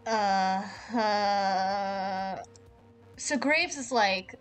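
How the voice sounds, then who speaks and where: A woman streaming a game live, chatting in an excitable, rambling way and swearing a lot. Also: medium pitch, drawn-out words, faint music behind.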